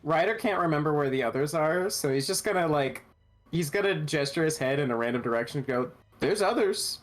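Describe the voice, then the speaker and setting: A woman's voice: low voice, fast, faint music behind. A woman playing a tabletop game, speaking with some hesitation. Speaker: player. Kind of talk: casual play.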